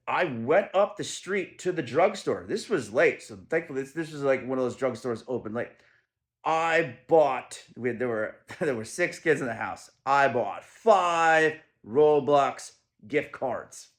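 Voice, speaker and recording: A man telling a personal story in a casual monologue, animated, dropping to low murmurs and then rising to loud emphasis.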